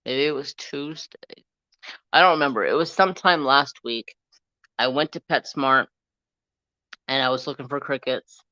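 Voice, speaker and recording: A man's voice: mid-range voice, normal speed, pauses often, bright, forceful tone, dry recording, lo-fi sound. A man hosting a casual crafting live stream, rambling through a story and getting heated as he retells an argument.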